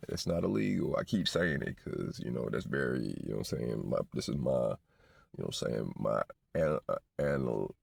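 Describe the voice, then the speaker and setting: A man in his forties tells loose, slang-heavy stories, looping back on himself. His voice is extremely deep and gravelly with a husky edge. The delivery swings in pitch, and the sound is dry and close. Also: animated, normal speed, no echo. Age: 40s. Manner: rambling, slangy, repeats "you know what I'm saying". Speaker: vlogger. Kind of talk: casual storytelling.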